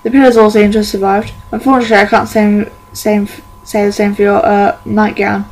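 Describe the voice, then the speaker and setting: A woman voicing a brooding young male vampire, tender and worried, in a flat hushed way. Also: mid-range voice, brisk, slight background noise, lightly acted, rough recording. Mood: teasing.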